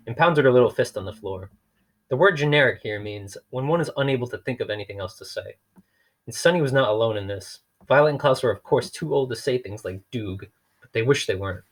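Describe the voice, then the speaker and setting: Give me a man reading a novel aloud with a dry, wry storytelling voice. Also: medium pitch. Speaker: reader.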